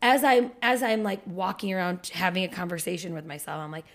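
A woman in her thirties co-hosting a casual podcast, telling a story loudly and animatedly, swearing often. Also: lowish voice, a little fast, a little hiss or hum. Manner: loud, profane, animated storytelling. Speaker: podcast co-host. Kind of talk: casual couple podcast chat.

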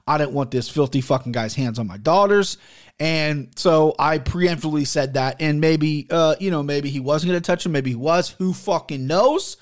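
A man in his thirties telling a heated story in a casual monologue, swearing often and talking from a home studio. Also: fairly high pitch. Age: 30s. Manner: animated, profane, heated storytelling. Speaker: podcast host and sports betting handicapper.

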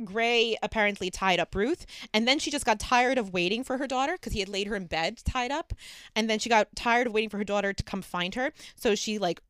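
A woman co-host talks through a true crime story in a loose, chatty way, dropping ums as she goes. Her voice is smooth and resonant at a middle pitch. The recording is close and dry. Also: a little fast, fairly bright tone, no echo. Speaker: podcast co-host. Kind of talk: casual chat retelling a true crime case.

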